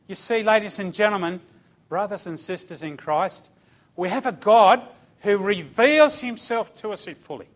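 A middle-aged man delivers a sermon as a personal testimony, his voice sitting a little high for a man. He tells his story in a conversational way, sinking to quiet, low passages and then climbing to loud, impassioned cries. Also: moderate pace. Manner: storytelling, swinging from hushed to shouting. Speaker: preacher.

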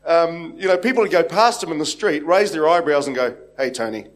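Rambling New Zealand pastor, slightly high voice. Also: male voice, fairly quick. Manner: rambling, anecdotal, many restarts and fillers. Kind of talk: sermon. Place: church hall with congregation.

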